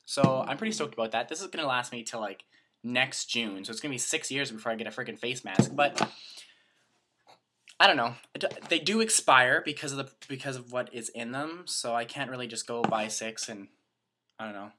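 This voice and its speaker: A man's voice: mid-range voice, brisk, noisy background. A young man from Canada chatting to camera in a rambling, self-mocking vlog. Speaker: vlogger. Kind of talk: casual chat to camera.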